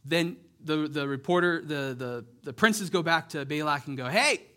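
Casting: male preacher, slightly high voice, animated storyteller who keeps asking "right?". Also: moderate pace, clean tone. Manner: animated storyteller, acts out characters' lines; conversational, checks in with "right?". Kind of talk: sermon, Bible storytelling.

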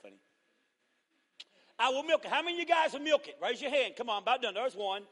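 A man preaching a revival sermon, teasing the congregation and rising to shouted fervor. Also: extremely high pitch, expressive, quick pace. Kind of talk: joking, call-and-response revival sermon. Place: church revival service. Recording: long echoing church hall reverb.

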